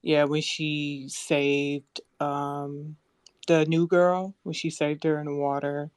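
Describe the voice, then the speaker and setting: A woman's voice: low voice, flat delivery, slow, a little mellow, clear, resonant tone, no echo, clean studio sound. A woman in a casual chat, reserved and hesitant.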